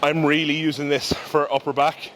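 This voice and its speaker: A man's voice: fairly high pitch, moderate pace, slight background noise. Man coaching through a gym session. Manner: relaxed, instructive, talks through gym cues with fillers. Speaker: bodybuilder and coach. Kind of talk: casual training vlog commentary.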